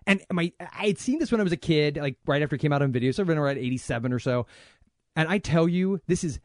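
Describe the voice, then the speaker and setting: A man's voice: a little high, animated, quick pace, a little mellow, no echo, clean studio sound. A man with a Southern US accent co-hosting a podcast in casual chat, joking, laughing often and rambling. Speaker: podcast co-host.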